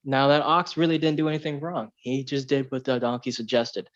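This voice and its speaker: A man's voice: mid-range voice, little pitch movement, a little fast, muffled recording. A man on a podcast, chatting loosely and telling a fable, with plenty of "like" and "you know". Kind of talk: casual chat, storytelling.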